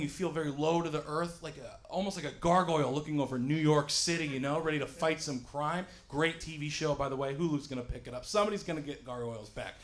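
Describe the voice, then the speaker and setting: A man in his thirties doing a stand-up set on a small stage, self-mocking and often yelling his punchlines. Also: a little high, slight background noise. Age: 30s. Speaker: stand-up comic and emcee. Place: small studio stage with live audience.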